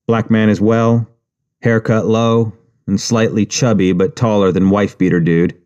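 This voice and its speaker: A man's voice: fairly low pitch, a little mellow. A man narrating an audiobook in the first person, with a wry, profane inner-monologue manner.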